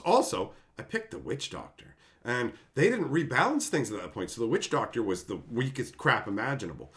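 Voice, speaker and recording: Animated storytelling man, lively pitch. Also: a little fast, hardly any pauses. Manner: animated, swears, acts out quotes in different voices. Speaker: channel host. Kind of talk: casual storytelling.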